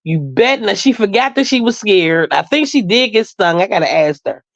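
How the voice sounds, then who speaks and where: A woman's voice: mid-range voice, animated, normal speed, dry recording, lo-fi sound. A woman telling a story frankly and profanely in a casual live-stream chat, laughing often. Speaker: co-host.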